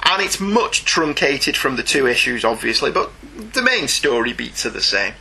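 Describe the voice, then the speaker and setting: A man's voice: mid-range voice, very animated, normal speed, vocal fry, bright, forceful tone, husky. A man co-hosting a podcast, chatting casually and in detail about comics with a dry humour. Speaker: podcast co-host. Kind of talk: casual chat reviewing comics.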